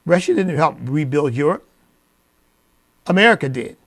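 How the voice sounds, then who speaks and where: A man hosting a radio show, delivering a preacherly opinion monologue that swings from low asides to loud, emphatic peaks. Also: expressive, normal speed.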